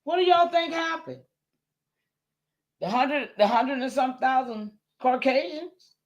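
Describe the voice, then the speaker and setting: A woman's voice: high voice, lively intonation, slow, dull audio. A woman hosting a livestream, talking straight to her viewers, emphatic and repeating herself, swearing when heated and then apologising. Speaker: livestream host.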